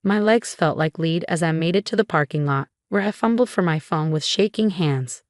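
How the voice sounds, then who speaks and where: A woman telling a dramatic first-person story in an expressive narrating style. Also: fairly low pitch, normal speed, no echo, studio quality.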